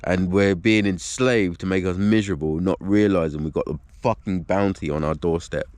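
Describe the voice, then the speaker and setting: A man's voice: sits low, moderate pace, a little mellow, no echo. A man talking casually to his own camera, rambling and profane. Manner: rambling and profane, full of "like" and "you know what I mean". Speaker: video blogger. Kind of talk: casual vlog monologue.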